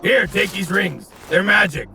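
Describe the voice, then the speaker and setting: A man's voice: high voice, measured pace, vocal fry, soft background music, heavily acted. A man voicing a blunt, goblin-obsessed armored warrior who bellows in a fan-made abridged anime comedy. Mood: deadpan. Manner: bellowing, manic and deadpan by turns.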